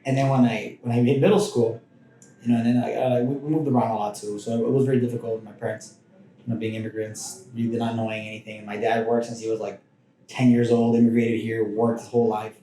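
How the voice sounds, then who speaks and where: Man, podcast guest, loose rambling storyteller, warm dark tone, echoey room. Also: medium pitch, level tone, fast. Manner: rambling, with frequent restarts and asides. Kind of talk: casual personal storytelling. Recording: roomy echoing room.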